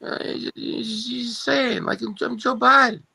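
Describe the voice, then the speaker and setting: A man's voice: very high voice, gravelly, sharp tone, voice pushed up, full character voice, rough recording. A man voicing a rambling, confused elderly male politician who halts and repeats himself. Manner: halting, repeating words, pleading.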